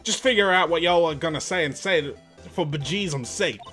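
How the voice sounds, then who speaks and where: A man voicing a brash, loud southern woman photographer with an overdone put-on drawl, sassy and pushy. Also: on the high side, a little fast, soft background music. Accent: put-on American Southern drawl. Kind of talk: reading game dialogue aloud.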